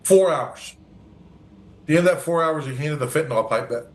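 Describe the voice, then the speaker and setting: Guy telling a heartfelt story in an interview, kinda higher pitched, keeps restarting his sentences. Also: brisk. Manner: earnest, acts out dialogue, frequent restarts. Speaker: guest, recovery organization leader.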